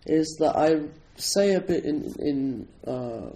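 Older man from Scotland, slightly high voice, unhurried, chatty and digressive, easy laughs. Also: expressive, mellow, low-quality recording. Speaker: speaker at a Zen centre. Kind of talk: casual talk introducing a poetry reading.

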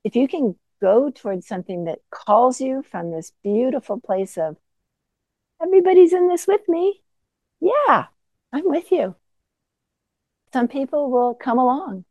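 A woman meditation teacher giving a gentle, conversational dharma talk with self-deprecating asides. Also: mid-range voice, no room sound, narrow, tinny audio.

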